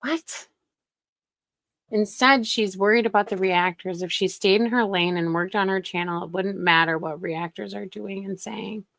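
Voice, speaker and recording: A woman's voice: medium pitch, fairly even intonation, moderate pace, gravelly, hardly any pauses, fairly bright tone, dry recording. A woman hosting casual commentary in a sarcastic, gossipy way. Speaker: commentary channel host.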